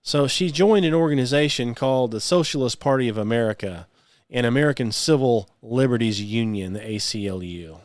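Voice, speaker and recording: A man's voice: mid-range voice, lively intonation, brisk, no echo. Guy ranting sarcastic on his own show, mid voice, real dry close sound. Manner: sarcastic, scoffing asides. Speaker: podcast host. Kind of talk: solo commentary.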